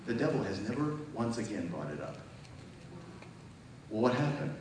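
A man's voice: on the low side, big pitch swings, moderate pace, background noise. A man preaching a testimony sermon at a church service, emphatic and conversational, often asking the audience questions. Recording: very echoey hall, mic far off.

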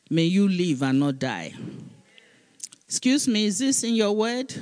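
A woman's voice: low voice, a little mellow. A woman pastor preaching a sermon, reading scripture aloud and calling on the congregation to repeat after her. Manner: reads scripture aloud, pausing for responses. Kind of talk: sermon with call-and-response.

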